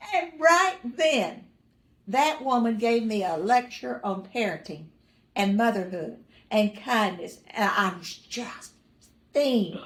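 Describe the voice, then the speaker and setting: Older lady rambling through old family stories, kinda high voice, dry funny bits, echoey room. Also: expressive, slow, pauses often. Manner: rambling, self-correcting, dry humor with chuckles. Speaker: mother recalling family stories. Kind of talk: casual personal storytelling.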